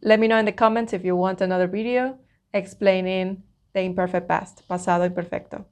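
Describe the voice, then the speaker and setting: A woman's voice: mid-range voice, little pitch movement, a little fast, darkish tone, smooth. Patient woman teaching an online lesson. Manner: patient, explains step by step, often checks with "okay?". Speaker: Spanish teacher.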